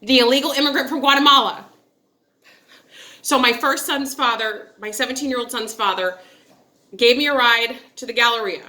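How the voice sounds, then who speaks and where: A vlogger in her thirties, originally from upstate New York, talks straight to her viewers in a candid, chatty personal story that keeps drifting into asides. Her slightly high voice sounds bright and sharp, moving at a moderate pace with frequent pauses.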